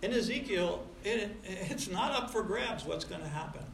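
A pastor preaching a sermon, emphatic, rising to loud stresses and dropping to quiet asides. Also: male voice, high voice, lively intonation, moderate pace, creaky, slight background noise. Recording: roomy echo.

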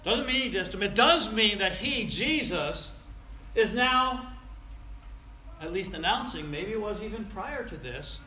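A man preaching a sermon, swinging between loud, stressed points and quiet asides. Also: sits high, animated, measured pace, a little hiss or hum. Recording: echoey room.

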